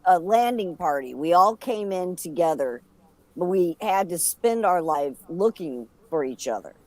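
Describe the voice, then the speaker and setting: Lower-voiced woman explaining in chat. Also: animated, measured pace, a little mellow, no room sound. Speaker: podcast co-host. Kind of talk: casual chat.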